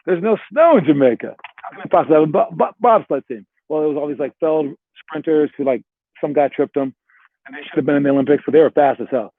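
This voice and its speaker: In a fairly high voice and at a fast clip, a man coaching basketball players gives a rambling pep talk full of "all right" and "like," then explains a drill. The sound is dry, tinny and phone-like, without echo.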